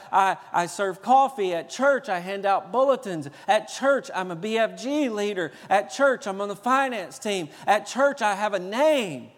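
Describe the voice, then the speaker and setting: A man preaching a sermon as a pastor, animated, swinging between quiet low passages and loud, raised bursts. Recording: long reverb of a large hall.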